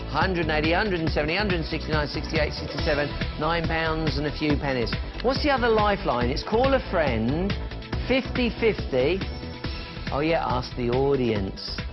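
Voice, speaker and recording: A man's voice: fairly high pitch, very animated, moderate pace. A man presenting a live shopping channel, chatting and counting down prices. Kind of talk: live TV sales pitch. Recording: dull lo-fi broadcast sound with music behind.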